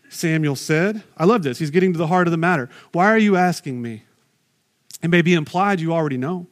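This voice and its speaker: A man's voice: high voice, brisk. A man preaching a sermon, reading scripture and breaking off into chatty asides and rhetorical questions.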